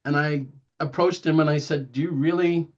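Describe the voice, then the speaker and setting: Lively middle-aged man telling a story. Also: on the high side, normal speed. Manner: lively storytelling, acting out quoted dialogue in shifting voices, chuckling. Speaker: guest speaker. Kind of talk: anecdotal talk to a live audience. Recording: dull lo-fi recording.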